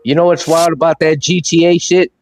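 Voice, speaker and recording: A man co-hosting a podcast in casual chat, talking in halting bursts and repeating words when heated. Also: on the high side, fairly even intonation, no room sound, faint music behind, rough recording. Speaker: podcast co-host.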